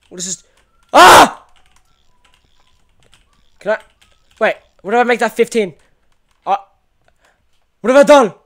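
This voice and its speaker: Jumpy Australian gamer guy, bright voice. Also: very high-pitched, animated, slow, vocal fry, long pauses. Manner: jumpy, yelps and shouts when startled, slangy "bro" and "yo". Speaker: gaming YouTuber. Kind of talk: horror game let's-play commentary.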